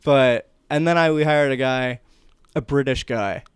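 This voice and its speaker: A man's voice: medium pitch, unhurried, smooth, dry recording, clean studio sound. A man from northern New Jersey telling rambling stories in casual podcast chat, often laughing mid-sentence. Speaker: podcast guest.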